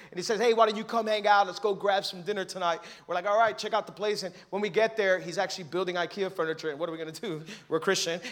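A male pastor delivers a sermon with a high, bright voice that has a forceful edge. He tells jokes and stories to his congregation, slipping into quoted voices as he goes. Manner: joking, animated storytelling to a congregation; acts out quoted voices while preaching.

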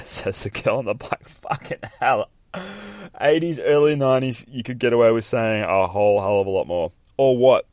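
A man's voice: on the low side, animated, moderate pace, no echo, clean studio sound. A young man hosting a podcast, casually recapping a comic book in a rambling, profane way and laughing often as he reads lines aloud. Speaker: podcast host.

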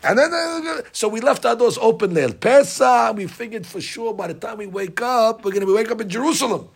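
A man, a rabbi, giving a storytelling sermon that swings between hushed and loud. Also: sits high, animated, a little fast, vocal fry, husky. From United States.

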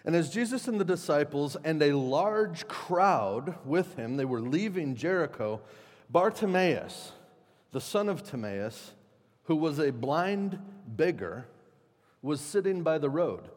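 A man's voice: on the high side, a little slow. Man preaching in a reverberant hall. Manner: conversational, animated, acts out quotes with shifts in loudness. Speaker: pastor. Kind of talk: sermon.

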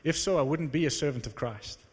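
A young man from South Africa preaching a sermon, telling a personal testimony with animated storytelling that rises into excited exclamations. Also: on the high side, a little fast, slightly rough. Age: young adult. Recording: reverberant hall.

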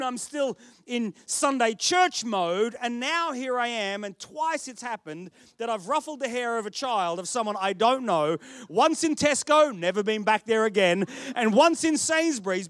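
A man's voice: extremely high pitch, lively intonation, moderate pace, a bit bright, no echo, clean studio sound. A man with an Australian accent, a pastor preaching a sermon in a chatty, storytelling way with self-deprecating humour.

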